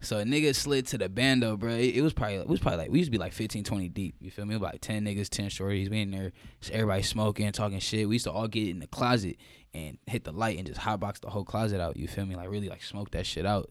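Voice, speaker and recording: A man's voice: on the low side, fast, no room sound. Young man, casual slangy storyteller, dry close sound, cusses freely. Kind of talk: casual chat.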